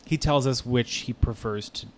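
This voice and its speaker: A man's voice: mid-range voice, normal speed, noisy background. A man co-hosting a podcast in casual chat, playful and laughing often as he riffs on silly images. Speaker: podcast co-host.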